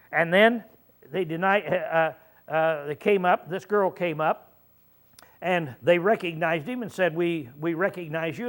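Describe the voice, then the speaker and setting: A man preaching with a fairly high voice, walking his congregation through a Bible passage. He asks them questions as he goes and keeps clearing his throat between halting fillers. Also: a bit bright. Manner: teaching verse by verse, asking the listeners questions. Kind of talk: sermon.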